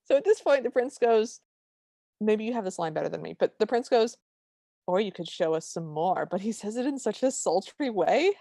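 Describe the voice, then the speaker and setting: A woman's voice: on the high side, animated, brisk, creaky, warm tone, no echo, studio quality. A woman co-hosting a podcast, chatting about a film with enthusiastic, vivid commentary. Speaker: podcast co-host. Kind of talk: casual film recap chat.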